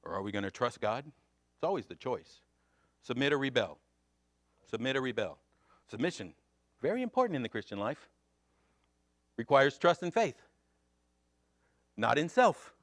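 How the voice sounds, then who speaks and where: Animated American man teaching Bible class. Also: medium pitch, moderate pace, long pauses, no echo. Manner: animated, shifts between loud emphasis and quiet asides. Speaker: Sunday school teacher.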